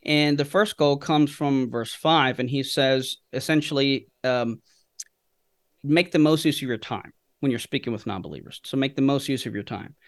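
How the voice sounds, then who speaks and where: A man's voice: medium pitch, normal speed, no echo, studio quality. A man, a guest on a podcast, explaining his approach by telling anecdotes and answering his own rhetorical questions. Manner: teaching through anecdotes, asks himself questions. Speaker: guest speaker. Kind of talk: podcast interview storytelling.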